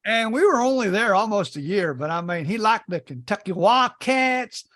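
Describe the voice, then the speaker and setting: A man's voice: high-pitched, expressive, moderate pace, a bit bright. A middle-aged man from Indiana co-hosting a podcast, telling folksy stories in casual chat. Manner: storytelling, folksy, repeats words when starting. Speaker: podcast co-host.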